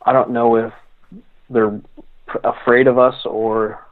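A male guest telling stories in a rambling, halting way, often restarting his sentences. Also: mid-range voice, flat delivery. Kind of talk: casual storytelling. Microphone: phone call. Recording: phone line.

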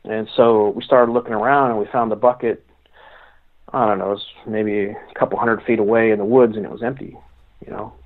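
A male guest telling stories in a rambling, halting way, often restarting his sentences. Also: lowish voice, steady tone. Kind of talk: casual storytelling. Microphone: phone call. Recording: phone line.

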